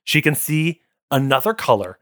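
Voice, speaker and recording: Animated, jokey male podcast co-host. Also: medium pitch, normal speed. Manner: animated, jokey storytelling with acted quotes. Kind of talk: casual chat.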